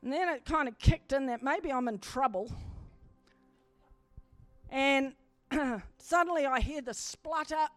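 A woman preacher with a high, bright-sitting voice delivers a personal testimony as a sermon. Her storytelling is animated and swells into fervent exhortation, close and dry on the mic with faint music underneath. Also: measured pace, pauses often, no echo.

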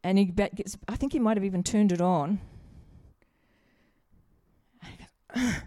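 A woman's voice: medium pitch, moderate pace, mellow, no room sound, clean studio sound. A middle-aged woman, preaching a sermon in a chatty, humorous way and asking the congregation questions. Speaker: pastor. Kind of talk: sermon with personal stories.

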